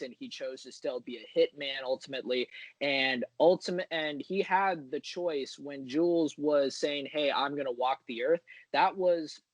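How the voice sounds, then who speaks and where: A man in a casual podcast chat, speaking at an everyday middle pitch with a dry, close sound. He talks with eager enthusiasm, rambling through thoughts with plenty of ums and restarts. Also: no room sound. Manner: enthusiastic, rambling with many fillers. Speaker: guest.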